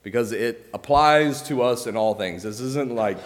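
A man preaches in a relaxed, conversational way, often stopping to correct himself and checking in with the congregation. His mid-pitched voice carries a long reverb tail from the church room around him. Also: moderate pace, hardly any pauses. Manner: conversational, self-correcting, uses "okay?" and "like" often. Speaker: pastor. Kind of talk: casual sermon. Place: church sanctuary.

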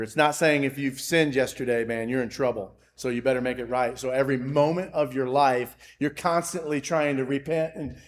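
Earnest guy preaching, voice a bit high, gets loud and slow on the bible verses. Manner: earnest, rising emphatic on scripture, repeats phrases. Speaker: pastor. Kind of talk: sermon.

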